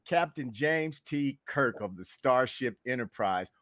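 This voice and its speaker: Jokey man with a lively voice. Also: medium pitch, measured pace, no room sound, studio quality. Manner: jokey, corny dad jokes, playful. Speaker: panel guest. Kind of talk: casual panel chat. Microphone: video call.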